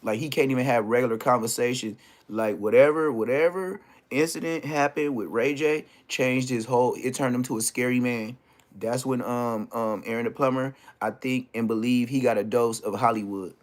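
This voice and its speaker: A man's voice: medium pitch, normal speed. Middle-aged man telling a street story. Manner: animated street slang, repeats phrases for emphasis. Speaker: storyteller recounting street drama. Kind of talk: casual storytelling rant.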